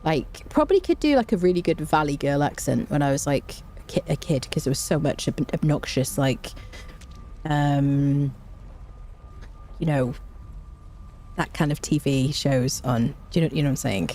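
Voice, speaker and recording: This woman speaks at a normal pace in a low, warm voice. She's chatting casually on a game stream while she plays, reading viewer messages aloud and laughing often.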